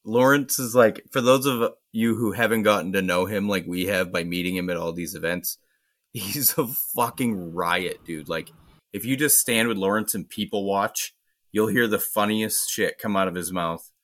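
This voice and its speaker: A man's voice: on the low side, moderate pace, a bit bright, no room sound. A man from Maine with a light Maine accent, co-hosting a casual podcast chat, joking and swearing freely. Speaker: podcast co-host.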